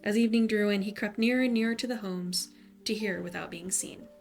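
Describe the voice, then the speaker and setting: A woman storyteller reading a fairy tale at bedtime. Her delivery is soft and soothing, with a gravelly, fry-touched texture at mid pitch. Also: brisk, faint music behind. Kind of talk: gentle bedtime story narration.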